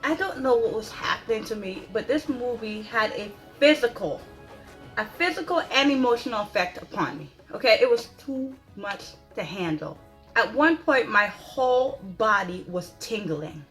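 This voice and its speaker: A woman giving an excited, dramatic spoken movie review, stressing points with repeated rhetorical questions. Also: on the high side, normal speed, soft background music. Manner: dramatic, emphatic, repeats "okay?" for emphasis.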